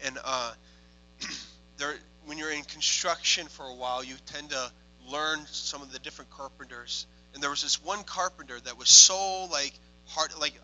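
High, bright-voiced excitable male minister. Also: normal speed, low-quality recording. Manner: excitable, swings from hushed to loud exclamations. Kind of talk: testimony storytelling.

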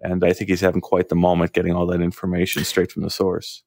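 A man co-hosting a casual tech show in a studio, talking through the news in a measured, analytical way. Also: sits low, monotone, vocal fry, a little mellow, dry recording. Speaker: co-host.

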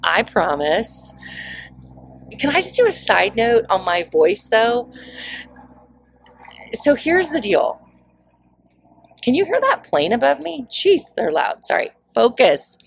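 A middle-aged woman with a raspy voice hosting her own motivational podcast, talking in an effusive, playful way with lots of emphatic repetition. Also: a little high, big pitch swings, slow pace, pauses often. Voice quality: raspy, gravelly voice. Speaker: podcast host. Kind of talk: upbeat motivational podcast monologue.

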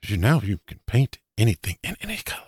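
A man's voice: on the low side, big pitch swings, fast talker, a little mellow, slightly rough, dry recording, clean studio sound. A man co-hosting a casual podcast, laying out his ideas step by step in an easygoing way. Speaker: podcast co-host.

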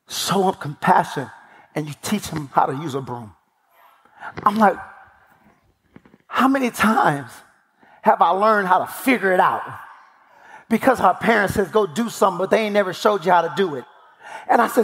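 A man with a high-pitched voice preaches as a guest speaker, telling personal stories and bringing them to life by acting out the dialogue. He repeats words as he builds toward a point. His voice rings with a long reverb from a big hall. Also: normal speed, long pauses. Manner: animated, acts out dialogue in voices. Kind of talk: sermon with personal storytelling.

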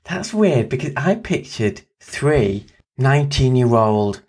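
A woman's voice: very deep voice, sing-song, slow pace, darkish tone, husky. A British woman co-hosting a casual chat, playful and teasing with big reactions. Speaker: podcast co-host.

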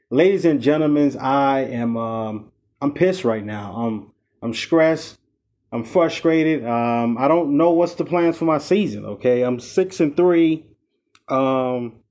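A man talks casually into a close mic as host of his own fantasy football show. His voice sits a bit high for a man. He sounds frustrated, and his speech is loose, full of "you know" and "okay?". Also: darkish tone. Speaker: podcast host.

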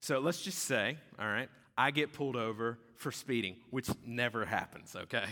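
A man preaching a sermon as pastor, conversational and animated, often checking in with "right?". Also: medium pitch, normal speed. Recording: echoey hall with long reverb.

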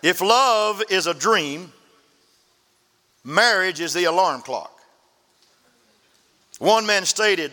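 A man delivering a sermon in a church, his voice high for a man and ringing bright. He tells folksy stories and drops his voice sharply at the ends of phrases. A long church reverb trails each line. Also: expressive, slow, long pauses. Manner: folksy storytelling preacher, emphatic drops in pitch at phrase ends. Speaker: pastor. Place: church sanctuary.

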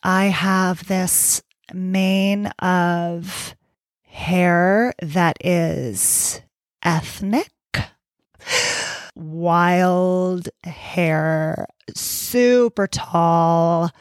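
A woman's voice: fairly low pitch, no room sound. A woman in her forties hosting her own podcast, talking candidly and from the heart in a reflective monologue, laughing often and swearing casually. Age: 40s. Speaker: podcast host.

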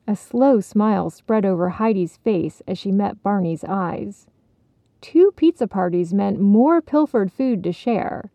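A woman narrating a children's storybook in a measured, gently expressive way, in a dull, dry recording. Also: mid-range voice, creaky, no room sound.

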